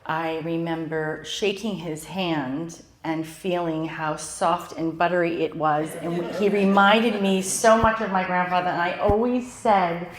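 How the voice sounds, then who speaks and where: A woman's voice: fairly low pitch, fairly even intonation, a little slow, hardly any pauses. A middle-aged woman hosting a live event, speaking in a chatty, heartfelt way with frequent fillers and restarts. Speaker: host and club founder. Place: in-person event room. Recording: roomy echo of a live venue.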